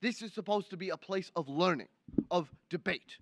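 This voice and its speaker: A man's voice: sits high, normal speed, background noise. A young man putting on an indignant older male senator with a Brooklyn accent, lecturing and repeating his outrage in a comic political impression. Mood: ranting. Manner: ranting, finger-wagging, repeats outrage lines. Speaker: student livestream presenter.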